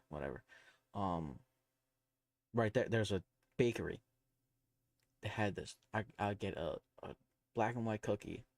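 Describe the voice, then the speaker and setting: A man's voice: fairly low pitch, no echo. A man live streaming, telling rambling casual stories with crude slang, fillers and restarts.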